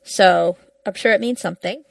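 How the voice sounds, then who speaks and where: A woman co-host talks about a TV episode in a matter-of-fact way, filling in details and correcting her partner. Her voice sits at a middle pitch and sounds close and dry, with no room sound. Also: normal speed, creaky, dry recording, rough recording. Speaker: podcast co-host. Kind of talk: casual chat recapping a TV episode.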